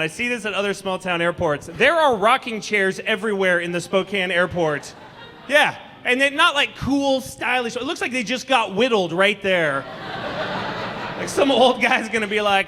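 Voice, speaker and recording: Animated high-voiced stand-up comedian. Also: male voice, normal speed, a little hiss or hum. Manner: animated, conversational, mocking. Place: comedy club stage.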